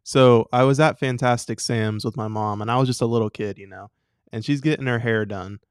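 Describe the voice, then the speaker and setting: A young man co-hosting a talk show, animated and playful, acting out voices as he tells a story. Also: medium pitch, brisk, smooth, no room sound, studio quality. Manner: acts out voices, laughs often. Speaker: radio show co-host. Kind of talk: casual chat, animated storytelling.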